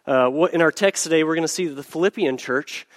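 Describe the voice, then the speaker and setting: A man preaching a sermon as pastor, hoarse from a cold, talking conversationally with fillers and restarts. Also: fairly high pitch, fast, in a large hall. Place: church hall.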